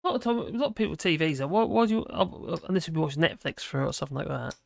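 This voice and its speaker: A man's voice: fairly high pitch, expressive, rapid-fire, vocal fry, no echo, clean studio sound. A tired man hosting a livestream, rambling casually through viewer chat and slurring his words a little. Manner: rambling, with frequent restarts and fillers.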